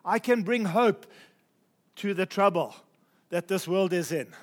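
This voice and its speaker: A man with a notably high-pitched voice preaching a morning sermon. He talks emphatically, repeats key phrases and slows right down to stress the scripture he quotes.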